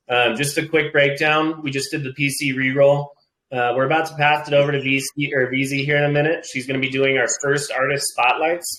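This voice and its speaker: Male host, feeling under the weather, rambling and emotional, mid pitch, roomy echo. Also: a bit bright. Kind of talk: casual livestream chat.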